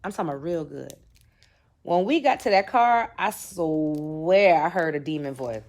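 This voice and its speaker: A woman podcast host telling a comic personal story, animated and profane, talking straight to her listeners. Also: deep voice, measured pace.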